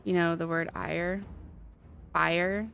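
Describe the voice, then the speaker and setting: Slow, gravelly-voiced streamer woman. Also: mid-range voice. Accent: Minnesotan. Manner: chatty, musing, self-deprecating. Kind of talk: casual live-stream chat.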